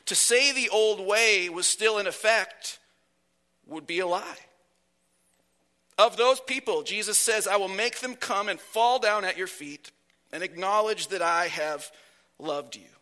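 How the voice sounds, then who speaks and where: A male pastor delivers a sermon in a high, bright voice. He moves at a slow, deliberate pace, and his phrases trail off quietly.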